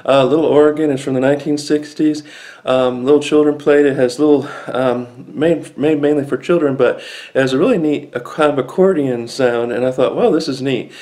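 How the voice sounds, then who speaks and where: Brisk and steady, a man with a mid-range, dark-toned voice rambles through a casual vlog about a small vintage organ, filling his talk with fillers. The organ plays in the background, and the audio quality is poor.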